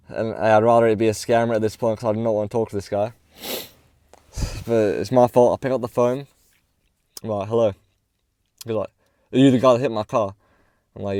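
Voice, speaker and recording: A man's voice: mid-range voice, steady tone, a little fast, long pauses, darkish tone, no echo, studio quality. A young man telling a casual storytime, slangy and swearing often, acting out the other people's lines as he goes. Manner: slangy, swears often, acts out quoted dialogue. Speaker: vlogger.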